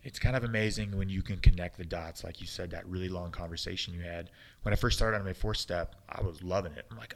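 A man's voice: sits low, fast. Chatty self-mocking man host. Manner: chatty, self-mocking, animated when quoting himself. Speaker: podcast host. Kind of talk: casual interview.

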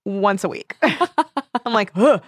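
A woman's voice: medium pitch, big pitch swings, normal speed, dry recording, studio quality. A young woman co-hosting a podcast, chatting casually about a book, laughing and reading passages aloud. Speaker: podcast co-host.

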